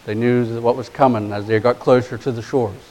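Man preaching, hushed to emphatic. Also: steady tone, low-quality recording. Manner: swings from hushed, low passages to rising, emphatic exhortation; slow, deliberate stress on key words. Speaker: pastor. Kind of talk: sermon.

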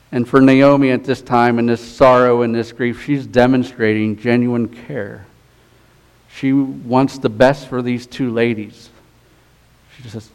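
A man's voice: medium pitch, flat delivery, a little slow, darkish tone, clean tone. A man preaching a sermon, reading scripture and retelling it in casual everyday speech. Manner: paraphrases scripture in everyday voices, conversational.

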